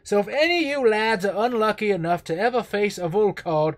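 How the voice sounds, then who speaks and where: A man voicing a gruff male monster hunter in a shaky, put-on Cockney accent that slips toward Southern American. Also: high-pitched, fairly quick, pitched above the performer's own voice, close to an everyday voice. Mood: boastful. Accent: attempted Cockney.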